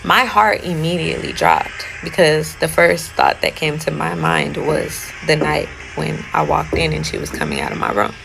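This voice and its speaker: A woman's voice: deep voice, very animated, moderate pace, creaky, hardly any pauses, over music, poor audio. A young woman chatting casually as she retells a personal story, often slipping into quotes of what she and others said.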